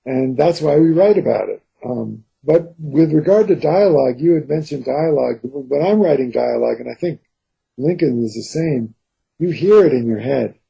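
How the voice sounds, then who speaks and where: A man, a thriller co-author, explaining his writing in an interview in an earnest, unhurried way. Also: mid-range voice, expressive, vocal fry, mellow, husky, rough recording. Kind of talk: interview answers.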